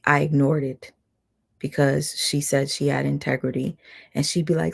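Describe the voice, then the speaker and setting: A woman's voice: low-pitched, little pitch movement, moderate pace, gravelly, husky. A woman hosting her own livestream, talking bluntly and heatedly, swearing and reading viewer comments aloud, with a strained voice. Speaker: channel host on a livestream. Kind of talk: casual livestream rant.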